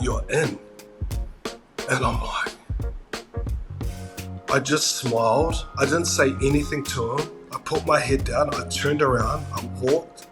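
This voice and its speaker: A man with a New Zealand accent, an interviewed fighter recounting his story in a casual, lively way and acting out the exchanges he describes. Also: medium pitch. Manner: lively retelling, acts out quoted exchanges. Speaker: interviewee, mixed martial arts fighter. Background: music.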